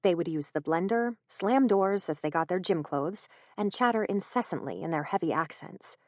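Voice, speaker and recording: A woman reading a horror audiobook in a measured, even storytelling manner, close to the mic. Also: fairly low pitch, no room sound. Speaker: audiobook narrator. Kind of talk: scripted narration.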